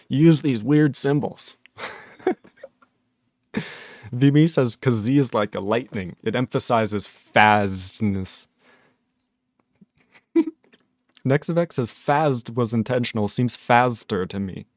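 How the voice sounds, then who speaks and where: Casual male streamer, mid-pitched, dry close sound, laughs a lot while reading chat. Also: measured pace, pauses often, darkish tone, no echo. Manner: laughs often, reads chat messages aloud, easily puzzled.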